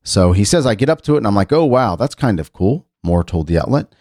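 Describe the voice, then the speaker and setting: Rambling, lively man hosting a chat show. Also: on the low side, a little fast, no room sound, studio quality. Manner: rambling, musing aloud with many restarts; reads news items aloud and comments on them. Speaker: talk show host. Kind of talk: casual radio-style chat.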